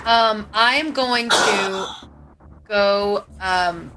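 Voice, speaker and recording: A woman's voice: medium pitch, very slow, noisy background. A woman playing a tabletop game, talking in a hesitant, playful way. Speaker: player.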